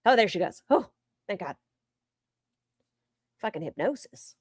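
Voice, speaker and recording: A woman's voice: mid-range voice, sing-song, measured pace, husky, no room sound, studio quality. Woman sarcastically reacting to a video. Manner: sarcastic, teasing asides to chat. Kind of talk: casual reaction commentary.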